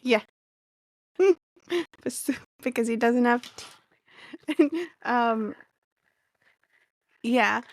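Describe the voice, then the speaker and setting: A woman's voice: fairly high pitch, no echo, studio quality. A woman hosting a casual book discussion, laughing often as she talks. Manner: giggly, laughs often while talking. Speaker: book club host.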